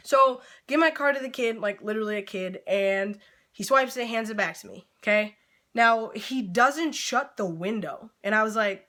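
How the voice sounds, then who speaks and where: A young woman chats to her camera in a storytime vlog, her voice bright and a little high. She rambles casually with plenty of fillers, animatedly replaying her own reactions. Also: fairly quick. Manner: chatty, filler-heavy, animated retelling. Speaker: vlogger.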